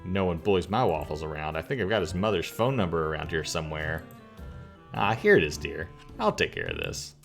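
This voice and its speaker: A man's voice: sits low, sing-song, a little fast, gravelly, fairly bright tone, faint music behind, exaggerated voice. A man voicing a fussy, doting mother cat who scolds her grown son.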